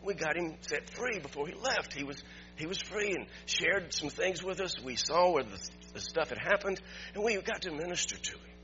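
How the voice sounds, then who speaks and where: A male pastor tells a story and works through scripture in an animated sermon. His voice sits high and bright and leaps around in pitch as he builds to emphatic points. The recording is a little muffled, with soft music underneath. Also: normal speed. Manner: animated storytelling preacher, rising to emphatic peaks.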